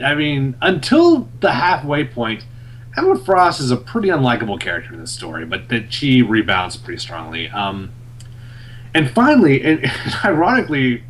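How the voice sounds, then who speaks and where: A young man on a podcast, recapping a comic in casual chat, full of fillers and quick laughs. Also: medium pitch. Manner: animated storyteller, many fillers, laughs often. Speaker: podcast co-host reviewing a comic.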